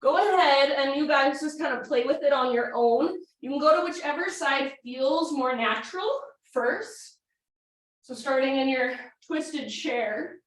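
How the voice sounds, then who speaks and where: A woman's voice: high voice, fairly bright tone. Woman yoga instructor, breezy instruction, a bit out of breath, in a very echoey space. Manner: casual, encouraging cues while demonstrating poses. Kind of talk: guided yoga class instruction. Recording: echoey room, mic at a distance.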